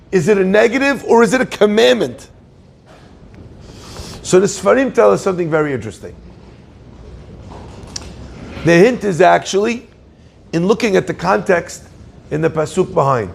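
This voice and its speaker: A man giving a sermon-style Torah class, breaking into quick joking asides. His voice sits high and has a husky, gravelly edge. He speaks to a room with a live audience.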